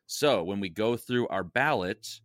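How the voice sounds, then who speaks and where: A man with a slightly low voice co-hosting a podcast in upbeat, eager chat. He explains patiently and reacts with enthusiasm. The sound is dry and close on the mic. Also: expressive, measured pace, a bit bright, no room sound. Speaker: podcast co-host.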